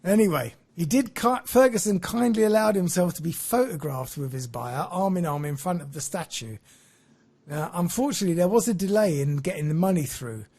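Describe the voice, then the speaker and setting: A man's voice: sits high, animated, a little fast, mellow. A man hosting a podcast, telling a story in a chatty way and laughing at his own jokes.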